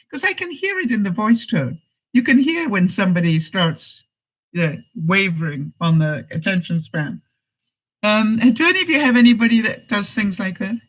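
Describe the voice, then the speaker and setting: A woman's voice: lowish voice, rough recording. A middle-aged woman vlogger giving life advice in a live chat, telling stories, acting out quoted lines and laughing often. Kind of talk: live-stream chat, reading viewer comments.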